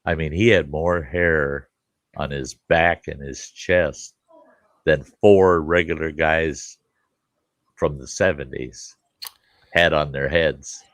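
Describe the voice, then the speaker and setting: A man's voice: rumbling low, steady tone, takes it slowly, long pauses, a bit bright, no echo. A middle-aged man, a campground host, telling rambling, profane stories in casual chat and laughing at his own jokes. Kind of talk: casual live chat storytelling.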